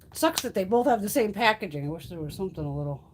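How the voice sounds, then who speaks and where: A woman hosts a casual home makeup livestream at rapid-fire speed, chatty, salty, and swearing, pausing to coo baby talk at her cats. Her medium-pitched voice has lively intonation, with a little hiss or hum in the audio.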